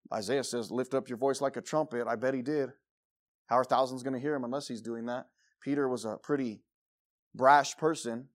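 A man preaching a sermon, jumping from loud exclamations to quiet low asides and acting out shouting crowds. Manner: acts out the crowd in short shouted bursts.

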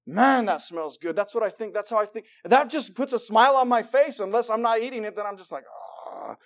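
A man preaching a sermon, swinging from loud excited bursts to hushed low passages and acting out voices as he reads and explains scripture. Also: fast talker. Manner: acts out voices of God and believers.

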